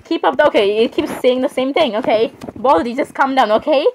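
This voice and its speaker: A high, brisk, slightly mellow female voice comes through a rough recording with a little hiss or hum. She's a gamer narrating a horror game casually, full of chatter, giggles, apologies, and lines directed at characters.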